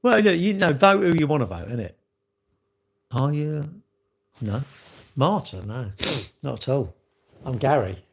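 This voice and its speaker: A man rants to his viewers in a casual monologue. His voice sits at an ordinary middle pitch. He sounds exasperated and circles back over the same points. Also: big pitch swings, unhurried, vocal fry, pauses often. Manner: ranting, exasperated, repeats himself. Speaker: vlogger.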